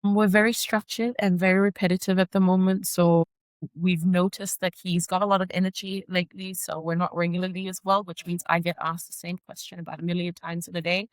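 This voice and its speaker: A mother speaking earnestly as a podcast guest, reflective and frank, at times echoing questions in a higher voice. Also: flat delivery, brisk. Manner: earnest, reflective, often acts out her son's repeated questions in a higher voice. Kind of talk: candid interview conversation.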